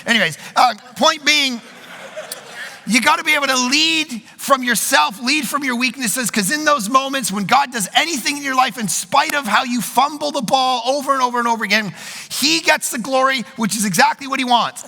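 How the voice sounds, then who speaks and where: A man preaching at a conference in a large hall, telling quick, joking, self-deprecating stories. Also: very high-pitched, vocal fry, sharp tone. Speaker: pastor. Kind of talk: conference sermon. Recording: long hall reverb.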